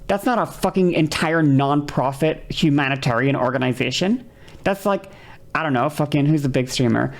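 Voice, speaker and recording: A woman streamer arguing heatedly with her chat, exasperated and swearing often as she rants. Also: low voice.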